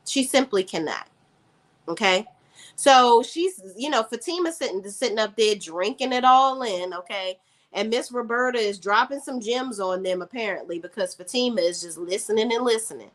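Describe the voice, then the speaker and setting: A woman's voice: fairly high pitch, lively intonation, normal speed, fairly bright tone. Sassy chatty woman recapping TV. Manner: chatty, sassy, reads chat aloud. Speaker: TV recap host. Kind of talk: casual live-stream recap.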